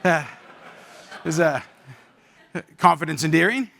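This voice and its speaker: A man's voice: fairly high pitch, animated, unhurried, gravelly, bright, forceful tone. Conversational man leading a leadership workshop. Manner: conversational storytelling with audience questions. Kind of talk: live workshop talk. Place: university event hall.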